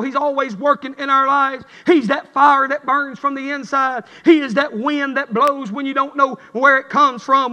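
A man's voice: very high voice, sharp tone. A man preaching a revival sermon in church, with a rhythmic, building cadence. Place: church sanctuary. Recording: long hall reverb.

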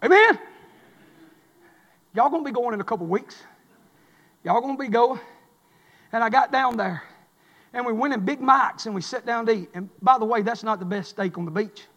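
A preacher with a strikingly high, strained voice, preaching in impassioned bursts that rise into shouts. His sermon rolls out in a church, with a long reverb trailing every line. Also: animated, moderate pace, long pauses. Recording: long reverb of a large hall.

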